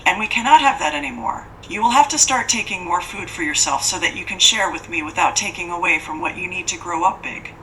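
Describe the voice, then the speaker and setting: A woman's voice: on the low side, a little fast, hardly any pauses, pushed and bright, recorded from a distance, a little hiss or hum, rough recording. A woman voicing an aloof female monster who is fattening up a child, speaking in a cool, formal, condescending way.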